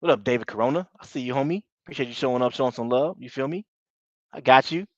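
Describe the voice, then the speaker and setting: A man's voice: medium pitch, quick pace, no echo. Guy doing a hoops live stream, lots of slang and restarts, kinda dull dry mic sound. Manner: slangy, repetitive, greets viewers by name. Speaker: basketball channel host. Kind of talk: casual live-stream sports chat.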